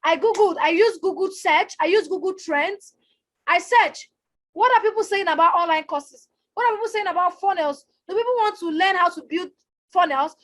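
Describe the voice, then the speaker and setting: A woman coaching on a live stream, energetic and loud, who likes to shout and repeats herself for emphasis. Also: very high-pitched, moderate pace. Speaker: online business coach. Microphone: phone or webcam on a live stream.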